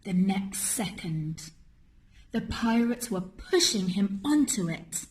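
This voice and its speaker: A woman teacher reads a children's storybook aloud at a slow, steady pace. Her voice sits in a middle range and rises and falls with lots of expression. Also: mid-range voice.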